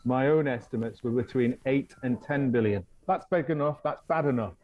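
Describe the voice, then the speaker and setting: A man from Manchester speaks as a guest expert on talk radio, explaining in a measured way. His voice is mid-pitched and comes over a slightly dull remote line. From Manchester, England. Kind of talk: radio interview.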